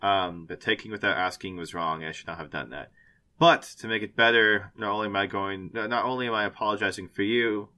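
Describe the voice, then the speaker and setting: A man voicing a remorseful husband who gives a halting, earnest apology. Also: lowish voice, bright, forceful tone. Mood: contrite. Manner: halting, earnest, stumbling over words.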